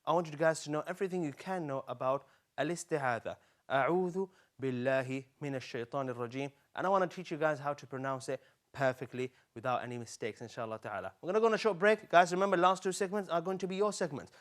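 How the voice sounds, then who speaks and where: Male kids' teacher, slightly high voice, animated and coaxing, repeats words for young learners. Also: quick pace. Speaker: Quran teacher. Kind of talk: live children's lesson.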